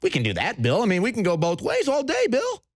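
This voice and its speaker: A male talk show host on a heated political rant, shouting and mocking as he goes. His voice sits fairly high and swings up and down a lot. The studio sound is dry and close. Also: huge pitch swings, a little fast, no room sound.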